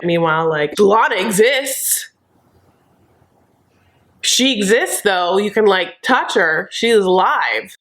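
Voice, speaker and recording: A woman dishes on reality TV in a comedic recap vlog. Her delivery is sassy and gossipy, and she calls viewers honey while breaking into silly voices for quotes. Her voice has a middling pitch for a woman. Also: expressive, a little slow, a bit bright. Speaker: host.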